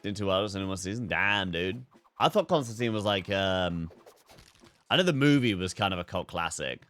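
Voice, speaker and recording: A man's voice: deep voice, animated, a little fast, a bit bright. A young man streaming a game, chatting casually, swearing freely and breaking into laughter. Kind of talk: live gameplay commentary.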